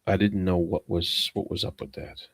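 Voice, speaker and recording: Deep-voiced man rambling through fillers. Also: level tone, normal speed, no room sound, clean studio sound. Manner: rambling, hesitant, many fillers, laughs at himself. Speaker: book club member. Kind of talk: casual book discussion.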